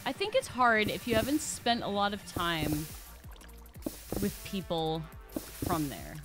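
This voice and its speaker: Playful, giggly woman streamer, lively pitch. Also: a little slow. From Pennsylvania. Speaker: streamer co-host. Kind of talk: casual gameplay chat. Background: game music.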